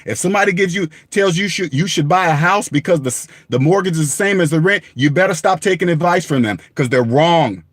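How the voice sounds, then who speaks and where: A man's voice: fairly high pitch, animated, brisk, hardly any pauses, no room sound, studio quality. A man giving blunt money advice straight to the camera in an emphatic, repetitive rant, swearing for emphasis and laughing at himself. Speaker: personal finance vlogger.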